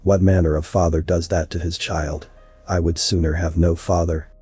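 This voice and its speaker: A man's voice: level tone, normal speed, warm tone, soft background music, lightly acted. A man reading as a mocking vengeful human. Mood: bitter. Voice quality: deep husky voice. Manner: mocking and bitter. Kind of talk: audiobook story reading.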